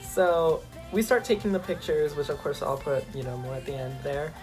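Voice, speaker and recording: A young adult man vlogging, telling an excited, rambling story with lots of filler words. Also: fairly high pitch, moderate pace, over music. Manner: excitable, rambling, heavy use of "like". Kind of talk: casual storytelling to camera.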